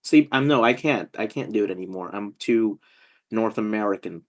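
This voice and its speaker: A man from India with an Indian English accent, chatting casually as a podcast host in a joking, self-mocking, halting way. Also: fairly low pitch. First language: not English. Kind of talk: casual chat.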